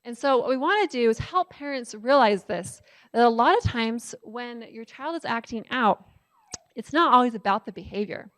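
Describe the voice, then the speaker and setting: A woman's voice: on the high side, expressive, moderate pace, a bit bright. A woman giving a public lecture in a conversational way, often checking with the audience and using filler words. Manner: conversational, asks the audience "right?"; frequent "um" fillers.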